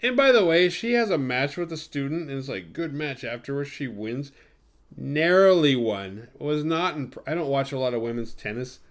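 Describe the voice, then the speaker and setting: Some guy doing a rambly sweary horror movie recap, sarcastic, mid-pitched voice. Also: animated, moderate pace. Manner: rambling and profane, with sarcastic asides. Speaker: horror movie review podcast host. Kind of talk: casual spoiler-filled movie recap.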